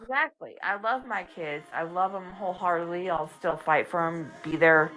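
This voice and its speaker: A woman hosting a live stream in casual chat, animated and emphatic, saying "dude" and "like" a lot. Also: on the low side, moderate pace, rough recording.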